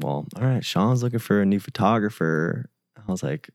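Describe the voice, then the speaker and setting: Speaking briskly and with animation, a young tour photographer shares a loose, sweary story as a podcast guest, playing out the quoted exchanges. His voice sits low with a darkish tone, captured in studio quality with no room sound.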